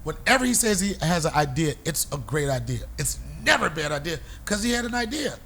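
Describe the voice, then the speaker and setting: ऊँची आवाज़ वाला एक आदमी, जो कॉमेडी पॉडकास्ट पर जोशीले और गालियों भरे अंदाज़ में किस्से सुनाता है।. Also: male voice, on the high side, a little fast, creaky, slight background noise. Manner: animated and profane, acting out other people's voices. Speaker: podcast host. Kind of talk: comedic storytelling.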